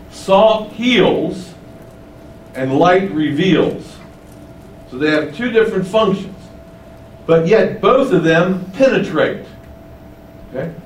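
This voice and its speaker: A man preaching a sermon, teaching slowly and emphatically, stressing key words with rising pitch. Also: reverberant, distant mic, a little hiss or hum, poor audio.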